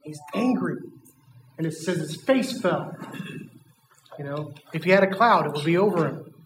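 Man preaching to kids, lively, asks them stuff, high voice, echoey church hall. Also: moderate pace, a little hiss or hum. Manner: animated, asks the kids questions. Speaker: preacher teaching children. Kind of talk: children's sermon.

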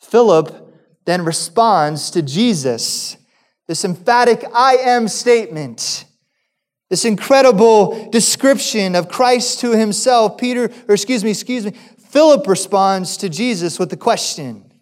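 A pastor giving a sermon, preaching emphatically and asking his listeners rhetorical questions, now loud, now quiet. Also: high-pitched, expressive, measured pace.

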